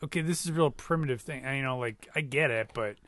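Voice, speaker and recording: A man's voice: medium pitch, quick pace, no room sound. A man co-hosting a podcast, chatting casually and jokingly about a movie, thinking aloud as he goes. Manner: animated, jokey, thinks aloud. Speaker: podcast co-host.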